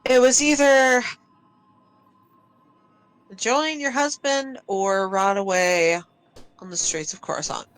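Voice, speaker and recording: A woman's voice: a little high, level tone, slow, pauses often, smooth, faint music behind, pitched above the performer's own voice, poor audio. A woman voicing a blunt, profane woman who grew up on the streets and now serves a Sith, in tabletop role-play. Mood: defensive.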